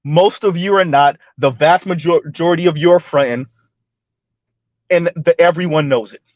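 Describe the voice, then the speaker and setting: A man's voice: fairly high pitch, moderate pace, no echo, highs cut off. A man, giving blunt casual commentary to a live chat and often asking "right?". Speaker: live stream host.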